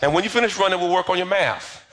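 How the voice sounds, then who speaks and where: A man's voice: high-pitched, quick pace, a bit bright, voice pushed up. A man putting on a scolding Jamaican mother. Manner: firm, scolding. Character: stern Jamaican mother scolding her restless boy. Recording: echoey hall with faint music.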